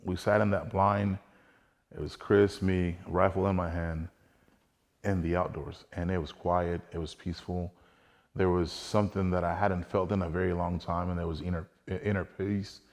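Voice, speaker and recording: A man's voice: low-pitched, level tone, normal speed, in a large hall. A man earnestly telling a personal hunting story in a casual, conversational way, acting out bits of dialogue as he goes.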